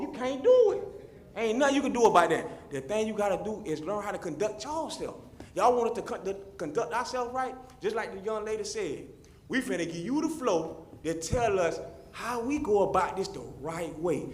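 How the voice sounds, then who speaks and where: Fervent high-voiced man. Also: lively intonation, normal speed, darkish tone, a little hiss or hum. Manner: fervent, repetitive, addresses officials directly. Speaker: public commenter. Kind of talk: impassioned public comment. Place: city meeting chamber. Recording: roomy echoey chamber.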